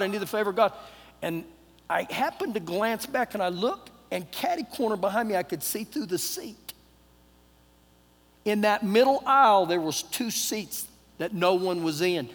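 A middle-aged man with a Texan accent preaching a sermon, telling a personal story in a folksy way, acting out dialogue, his voice swinging between loud and hushed. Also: high voice. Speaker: pastor. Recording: long hall reverb.

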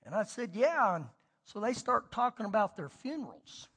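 A middle-aged man preaching a sermon as pastor, telling stories and swinging between loud and hushed delivery. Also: high-pitched, sing-song, normal speed, slightly rough, big-room sound.

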